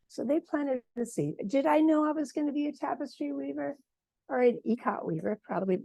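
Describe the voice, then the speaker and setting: Gravelly-voiced woman telling her story. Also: a little high, no echo. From Michigan, USA. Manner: lively storytelling, acts out quoted dialogue. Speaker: guest speaker, textile artist. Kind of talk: personal storytelling talk at a symposium.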